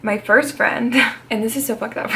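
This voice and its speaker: A woman's voice: a little high, steady tone, unhurried, pushed and bright, a little hiss or hum. A woman in her twenties telling a personal story in a casual, chatty way, swearing freely as she goes. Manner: chatty, swears freely and laughs between lines. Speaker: vlogger.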